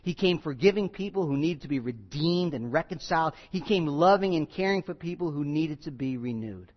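A male pastor preaching a sermon, emphatic, repeating key phrases and swinging between loud and quiet. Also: a little high, lively intonation, fairly quick, dull audio.

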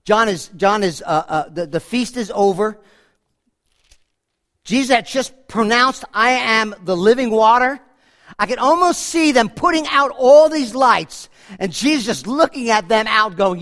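High-voiced male preacher with dramatic swings. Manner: animated, dramatic swings in volume, slows for quotations; repeats words and restarts mid-phrase. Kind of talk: sermon.

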